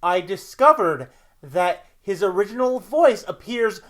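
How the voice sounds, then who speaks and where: A man from Canada co-hosting a podcast in casual chat, excitable and prone to jokey exaggeration. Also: high voice, a little slow. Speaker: podcast co-host.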